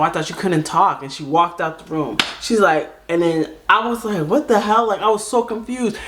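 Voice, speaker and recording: A woman's voice: lowish voice, fairly bright tone. A woman hosting a reaction channel, telling a personal story in casual chat with emphatic repeated asides. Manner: emphatic, repetitive, conversational.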